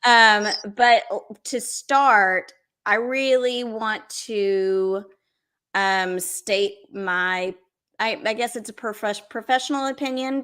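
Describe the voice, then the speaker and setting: A woman's voice: mid-range voice, pushed and bright, clear, resonant tone. A woman hosting a podcast, upbeat and chatty while interviewing a guest. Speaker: podcast host.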